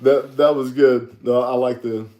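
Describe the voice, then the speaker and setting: A man from South Carolina, co-hosting a podcast, chatty and quick to laugh. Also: medium pitch, fairly even intonation, warm tone. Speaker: podcast co-host. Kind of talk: casual chat. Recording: roomy echo.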